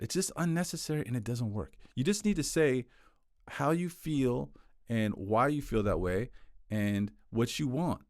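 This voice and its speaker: A man teaching communication skills in a casual explainer style, animated and acting out example quotes in playful voices. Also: on the low side, no room sound, studio quality.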